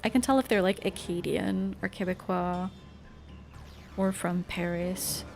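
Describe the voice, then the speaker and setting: A woman's voice: on the low side, steady tone, unhurried, creaky, a little mellow, faint music behind. A woman from Canada talking casually to chat while she streams a story game, chatty and full of little restarts. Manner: chatty, answers chat, frequent "like" fillers. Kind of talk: live gameplay commentary.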